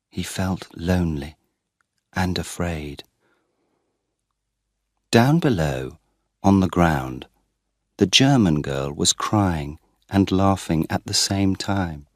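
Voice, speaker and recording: A man reading a story in slow, clear, expressive scripted narration for English learners. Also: low voice, no room sound, studio quality. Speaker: story reader.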